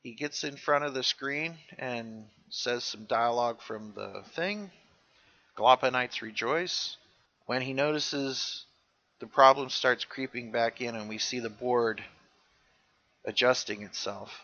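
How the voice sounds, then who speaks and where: A man's voice: medium pitch, a little slow, no echo, lo-fi sound. A man co-hosting a casual podcast, animatedly retelling scenes and quoting lines. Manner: animated, jumps into character voices when quoting. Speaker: podcast co-host recapping a show.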